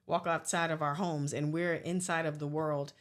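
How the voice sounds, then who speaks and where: A woman who owns a salon hosts a podcast, chatting earnestly with her guest and calling her "girl." Her voice is low-pitched and steady, at a moderate pace.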